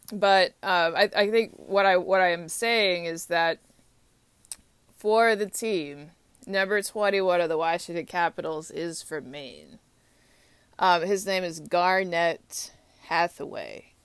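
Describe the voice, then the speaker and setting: A young adult woman talking casually in a rambling, repetitive monologue with frequent filler pauses. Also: on the low side, clear, resonant tone, no room sound. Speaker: hockey fan.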